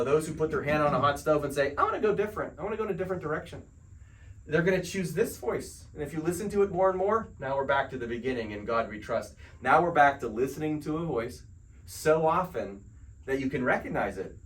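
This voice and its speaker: A man's voice: on the high side, fairly quick, far from the mic, low-quality recording. A male counselor giving a spiritual self-help lecture in a conversational way, often putting rhetorical questions to his audience.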